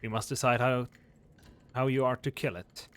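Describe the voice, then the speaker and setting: A man's voice: medium pitch, little pitch movement, normal speed, close to an everyday voice. A man voicing a grandiose being that calls itself the end of time, speaking in solemn, portentous pronouncements. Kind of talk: voicing game dialogue.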